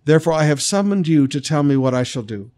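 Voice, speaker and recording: A man's voice: on the high side, lively intonation, fast talker, darkish tone, lightly acted. A man reading the lines of a distressed, desperate king during a sermon.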